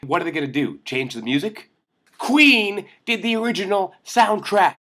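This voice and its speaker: Young man, vlog host, film commentary, sarcastic, excitable, jokey, animated pitch. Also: normal speed, a little hiss or hum.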